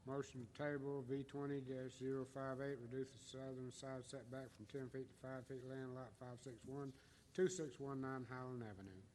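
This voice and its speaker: A man on a public board reading formal motions aloud in a flat, even recitation of figures and addresses. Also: medium pitch, normal speed, few pauses, a little hiss or hum. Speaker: board member. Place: community center gym.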